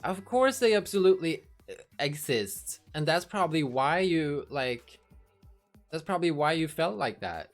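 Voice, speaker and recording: A woman's voice: sits low, very animated, moderate pace. A woman livestreamer in casual chat, talking frankly to her viewers and swearing freely, with faint music behind her.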